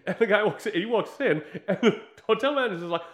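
A man co-hosting a casual chat about films, animated and laughing, acting out scenes as he talks. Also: high voice, quick pace. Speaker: podcast co-host. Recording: echoey room.

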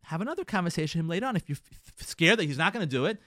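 Higher-voiced rabbi giving advice. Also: male voice, expressive, racing, no echo, clean studio sound. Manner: coaching, acts out sample dialogues in a softer voice; repeats phrases, stammers on word starts. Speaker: rabbi and radio show host. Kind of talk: advice talk to listeners.

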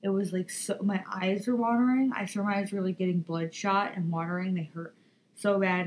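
A tired woman hosting a podcast, telling a story in a profane, rambling, animated way. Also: fairly low pitch, normal speed, slight background noise, low-quality recording. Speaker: podcast host. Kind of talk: casual solo podcast monologue.

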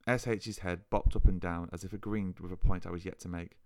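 A man narrating his own story in first person for a podcast, in a measured, wry way. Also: sits low, steady tone, mellow, no room sound, clean studio sound.

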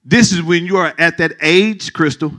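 Male pastor mid-sermon, animated and playful with the flock; a fairly high voice with a forceful edge. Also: normal speed. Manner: animated, joking with the congregation. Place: church sanctuary.

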